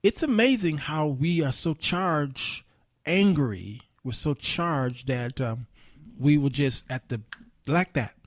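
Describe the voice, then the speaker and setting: A man's voice: on the high side, lively intonation, slow, no echo, clean studio sound. A middle-aged man hosting a livestreamed talk show, delivering a passionate monologue with preacher-like swells of emphasis. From Chicago area, US.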